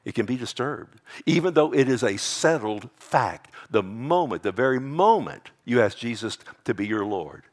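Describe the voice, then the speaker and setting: A man preaching a sermon as pastor, swinging between loud emphasis and hushed tones, often calling out "amen?" and "loved one.". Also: mid-range voice, expressive, normal speed, few pauses. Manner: addresses listeners as "loved one", asks "amen?".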